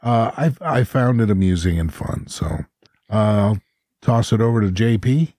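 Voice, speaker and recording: A man's voice: on the low side, normal speed, warm tone, no echo, studio quality. A man co-hosting a casual book discussion podcast, chatting and reading passages aloud with a playful lift. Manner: reads quotes aloud with a rising, playful voice. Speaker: podcast co-host.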